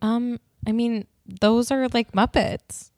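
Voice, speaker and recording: A woman co-hosting a podcast in casual chat, chatty and quick to correct and explain. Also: a little high, steady tone, a little mellow, no room sound, studio quality. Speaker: podcast co-host.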